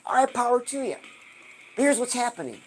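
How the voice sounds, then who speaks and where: A woman hosting a live stream, giving an animated motivational talk and asking her viewers rhetorical questions. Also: fairly high pitch, brisk, slight background noise. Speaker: livestream host.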